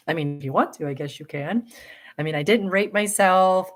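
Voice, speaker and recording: A middle-aged woman with a lowish, expressive voice at normal speed hosts a live spiritual question-and-answer talk. She's earnest and emphatic, laughing at times and often restarting or correcting her sentences.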